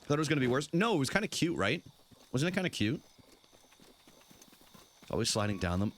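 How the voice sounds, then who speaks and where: A man's voice: a little fast, pauses often, slight background noise. A young man streaming a game live, chatting casually and goofily with his viewers. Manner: goofy, banters with chat, animated swings in pitch. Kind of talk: casual live gameplay chat.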